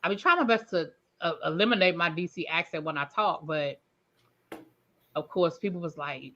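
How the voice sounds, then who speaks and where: A woman's voice: fairly low pitch, normal speed, a bit bright, lo-fi sound. A woman with a Washington DC accent chatting casually, rambling and correcting herself as she goes. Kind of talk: casual chat.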